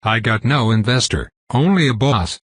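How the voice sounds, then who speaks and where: A man's voice: mid-range voice, animated, moderate pace, fairly bright tone, no echo, clean studio sound. A man voicing a veteran war mage who heads security, bitter and defiant.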